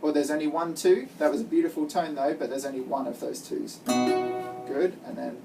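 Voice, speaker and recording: Low-voiced woman teaching guitar, encouraging. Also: moderate pace, gravelly. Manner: encouraging, praising and giving step-by-step instructions. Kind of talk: one-on-one music lesson. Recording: distant mic with guitar playing.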